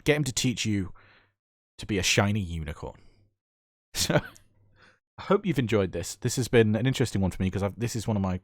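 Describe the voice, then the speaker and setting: A man's voice: fairly low pitch, lively intonation, a little fast, long pauses, no echo, studio quality. A British man giving enthusiastic, chatty commentary over a gameplay replay as a gaming YouTuber.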